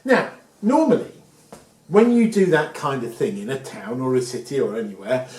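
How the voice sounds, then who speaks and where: Male storyteller, children's story, animated, lively pitch, roomy echo. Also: moderate pace. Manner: animated, playful. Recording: echoey room.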